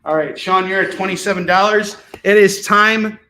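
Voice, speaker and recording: A man hosts a live comic book sale from his home, where kids are in the house, chatting casually and laughing often as he counts off stacks of books. His voice sits high with fairly even intonation and a sharp tone at normal speed. The rough recording has an echoey room and slight background noise.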